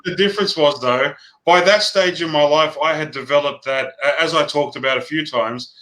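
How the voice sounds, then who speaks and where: Bright-voiced Australian man, rambling. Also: a little high, moderate pace, low-quality recording. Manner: animated, rambling, blunt with mild swearing. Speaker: co-host. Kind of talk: casual chat.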